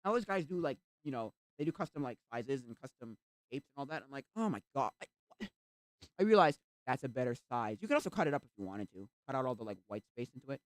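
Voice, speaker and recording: A live streamer chatting casually while browsing at the computer, rambling and filling every pause with "like". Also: mid-range voice, big pitch swings, dry recording, clean studio sound. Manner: rambling, heavy use of "like".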